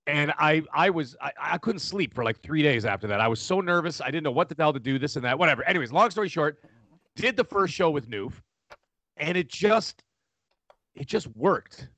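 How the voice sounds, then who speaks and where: A middle-aged man tells a long personal story as a podcast guest. He talks loudly and animatedly, in a fairly high voice, with frequent restarts. His mic sound is close and dry. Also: animated, fairly quick, no echo. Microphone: studio microphone.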